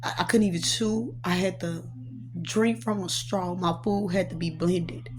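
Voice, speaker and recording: A woman's voice: on the low side, steady tone, measured pace, noisy background. Earnest woman telling her testimony. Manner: earnest, emotional, recounting in quoted dialogue. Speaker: prophetess. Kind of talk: personal testimony storytelling.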